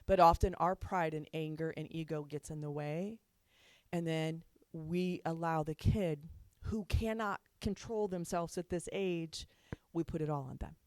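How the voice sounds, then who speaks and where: A woman's voice: low voice, a little slow, darkish tone, no room sound, clean studio sound. A woman counselor giving a chatty talk on parenting to an audience, laughing often as she makes her points.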